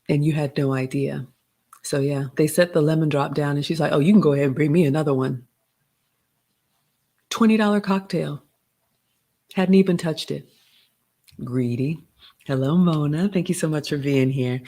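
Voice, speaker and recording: Slightly raspy chatty woman. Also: low voice, a little mellow. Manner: chatty, gives etiquette tips, addresses viewers as y'all. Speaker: host of a live stream reviewing a restaurant menu. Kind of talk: casual live-stream chat.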